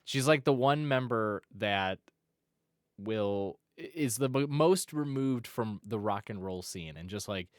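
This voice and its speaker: A man with a low voice co-hosting an anime podcast, talking in loose, rambling stretches full of restarts. The sound is dry and close to the mic. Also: lively intonation, measured pace, dry recording. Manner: rambling, many restarts and fillers. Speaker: podcast co-host. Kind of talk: casual chat.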